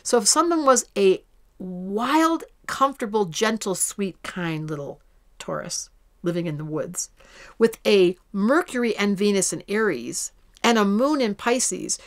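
A woman astrologer giving a casual horoscope talk to camera in a playful way, drawing out her soft words. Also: mid-range voice.

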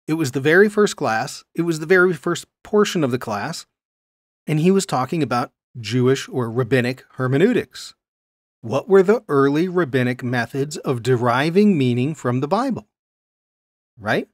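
A man teaching a Bible lesson on video in an animated way, often checking in with his listeners. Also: mid-range voice, normal speed, dry recording, clean studio sound.

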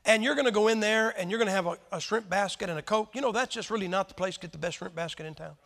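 A man's voice: high-pitched, rapid-fire, creaky, fairly bright tone. A man in his sixties preaching a folksy sermon, joking and firing rhetorical questions at the congregation. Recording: long hall reverb.

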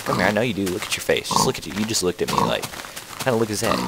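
A very low, gravelly male voice that jumps all over the place, joking and trash-talking animals as he plays. Easily sidetracked, he chats casually to his viewers. Clear background noise runs through a rough home recording. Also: very animated, brisk, pauses often. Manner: playful, jokey trash talk at game animals; rambling, easily distracted chatter. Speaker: let's play host. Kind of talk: casual gaming commentary.

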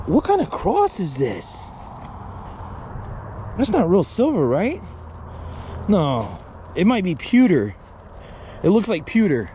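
High-voiced guy in his 30s rambling in the woods, swears a lot, gets super hyped, bit of background noise. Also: slow, long pauses. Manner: excitable, rambling, swearing, jokey. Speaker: paranormal explorer vlogger. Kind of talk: casual outdoor vlog. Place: woods outdoors.

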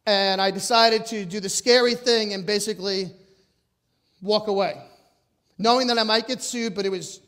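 A middle-aged man with a notably high voice delivers a motivational talk before a live audience. He speaks loud and emphatic, pushing his personal stories hard. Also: steady tone, normal speed.

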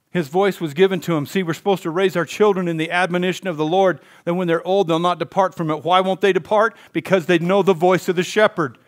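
A middle-aged man preaches a sermon from a church pulpit with a fairly high voice. He swings between hushed passages and loud, impassioned climaxes. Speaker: pastor. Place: church sanctuary.

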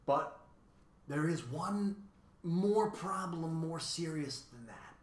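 A man voicing a pompous male math wizard who thunders loudly and turns to ominous hushes, in an echoey room. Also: fairly high pitch, animated, slow pace, voice pushed up. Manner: thunders loudly, then drops to ominous hush.

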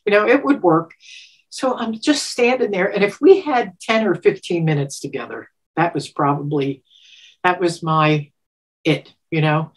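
A woman in her seventies telling a personal story in an interview, animated, laughing often and getting emotional with halting restarts. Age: 70s. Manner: animated, laughs often, acts out quotes with sudden pitch jumps. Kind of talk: storytelling, recounting a personal memory.

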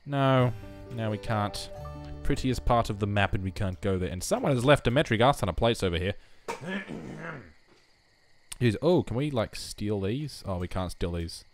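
A young man with a lowish, expressive voice talks at a normal speed over soft background music. He chats casually through a life-sim game as a let's-play commentator, addressing his characters and teasing himself.

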